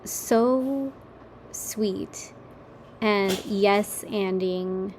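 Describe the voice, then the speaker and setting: A woman's voice: medium pitch, drawn-out words, a little mellow, slight background noise. A young adult woman hosting a casual solo podcast from her kitchen table, chatty and rambling, swearing casually and laughing at herself. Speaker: podcast host.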